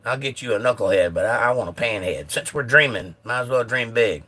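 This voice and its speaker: A man's voice: mid-range voice, expressive, fairly quick, pushed and bright. A man hosting a casual phone livestream, chatting and reading viewer comments aloud with a joking manner. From United States. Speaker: livestream host.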